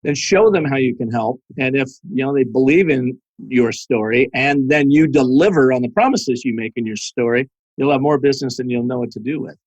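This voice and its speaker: A man guest on a podcast, telling business anecdotes in a lively conversational way, now and then laughing. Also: mid-range voice, fairly quick, hardly any pauses, no echo, highs cut off. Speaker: podcast guest, storytelling strategist. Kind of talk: conversational storytelling.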